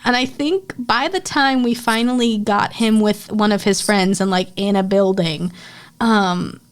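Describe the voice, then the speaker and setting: A young woman co-hosting a podcast tells a story in casual conversation, acting out the people in it with quoted voices. Her voice is medium in pitch, and she speaks unhurriedly.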